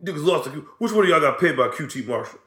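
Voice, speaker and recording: A man co-hosting a podcast, throwing in slow, drawling reactions and jokes. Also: on the high side, expressive, a bit bright. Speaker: podcast co-host. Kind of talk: casual chat.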